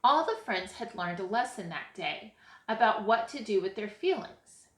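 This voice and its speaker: A woman reading a children's picture book aloud in an expressive way as storyteller. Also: mid-range voice. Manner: expressive, slow read-aloud. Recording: echoey room.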